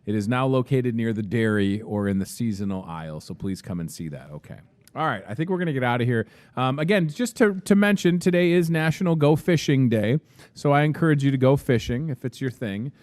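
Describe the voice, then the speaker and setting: A man's voice: mid-range voice, expressive, a little fast, darkish tone. A man hosting a live local morning show from a grocery store, talking casually and upbeat into a handheld microphone, with asides to the crew.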